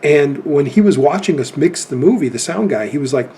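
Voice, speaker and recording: A man's voice: a little high, lively intonation, a little fast, warm tone, slight background noise. A man in his fifties telling rambling anecdotes in a casual chat about his film collection.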